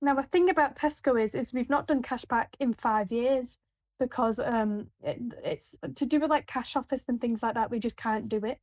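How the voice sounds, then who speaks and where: A woman's voice: on the high side, moderate pace, darkish tone, no room sound. A woman working on supermarket tills, chatting casually with a rambling manner full of fillers and restarts. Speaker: supermarket till worker. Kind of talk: casual anecdotal chat. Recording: dull, lo-fi, dry.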